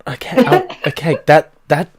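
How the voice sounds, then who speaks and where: A man's voice: on the high side, huge pitch swings, normal speed, a crowd in the background, pitched above the performer's own voice. Man doing a flustered halfling barkeep. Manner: nervous, stammering politeness.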